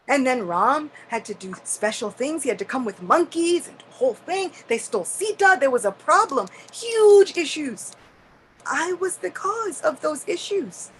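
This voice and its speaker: A woman's voice: sits high, fairly bright tone, slight background noise, exaggerated voice, low-quality recording. A woman voicing Lord Brahma, an elderly male creator god who earnestly blames himself, in a devotional story. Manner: self-reproaching, earnest, emphatic.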